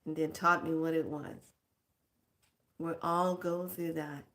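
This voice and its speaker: Frank, expressive middle-aged woman. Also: low voice, takes it slowly. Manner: frank and expressive, laughs often. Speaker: spiritual teacher. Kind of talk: casual spiritual pep talk.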